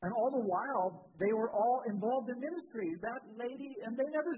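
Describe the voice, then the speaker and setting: Pastor preaching over a tinny line. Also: male voice, a little fast. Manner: animated storytelling with sudden rises in pitch and volume. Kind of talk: sermon with personal storytelling. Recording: tinny phone-like sound with faint noise.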